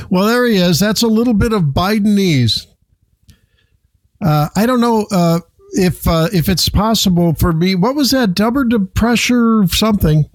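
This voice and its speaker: High-voiced talk radio host, halting. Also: male voice, lively intonation, no room sound. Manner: halting, many fillers and restarts.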